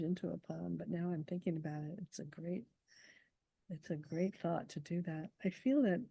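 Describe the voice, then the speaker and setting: A woman poet in an interview, talking reflectively about verse and reciting lines slowly and deliberately. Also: on the low side, warm tone, dry recording, rough recording. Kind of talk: conversational interview with poetry recitation.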